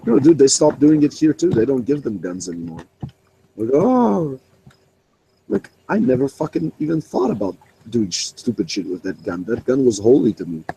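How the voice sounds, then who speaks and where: A man's voice: mid-range voice, big pitch swings, normal speed, vocal fry, warm tone, a little hiss or hum, low-quality recording. Swearing young man telling a story. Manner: profane, rambling, laughing. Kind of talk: casual voice chat storytelling.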